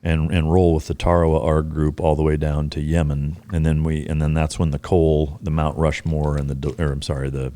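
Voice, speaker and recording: Very deep-voiced host, dark and dry. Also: male voice, flat delivery, a little fast, hardly any pauses, dry recording. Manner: casual and profane, recalling dates and places. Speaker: podcast host. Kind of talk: casual chat between old friends.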